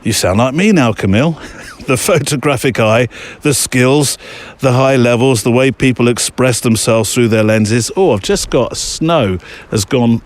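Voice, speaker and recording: A man's voice: mid-range voice, lively intonation, normal speed. A man hosting a podcast while walking outdoors in the snow, chatting playfully and reading out listener letters. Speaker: podcast host. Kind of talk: casual podcast chat on a walk.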